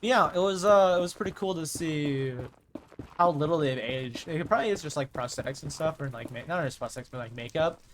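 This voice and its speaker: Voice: medium pitch, fairly quick, slight background noise. Rambling casual streamer. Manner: rambling, filler-heavy, swears casually. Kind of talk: casual chat over live gameplay.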